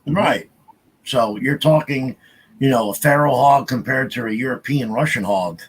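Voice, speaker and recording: A man's voice: medium pitch, moderate pace, husky, rough recording. A man co-hosting a podcast livestream, talking loosely with frequent restarts and repeats. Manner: loose, repetitive, restarts often. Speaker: podcast co-host. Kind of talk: casual livestream chat.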